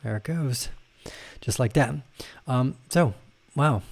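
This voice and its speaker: A man hosting a casual livestream about crypto trading, excitably commenting on charts and praising his viewers with loud exclamations. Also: mid-range voice, slow pace, vocal fry, a little hiss or hum. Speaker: crypto trading channel host.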